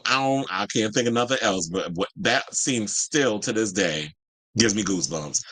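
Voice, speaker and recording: Reading out and responding to live chat, an animated host of an entertainment news show chats casually about pop culture, swearing freely. He has a bright, dry, mid-range voice. The recording is rough but has no echo.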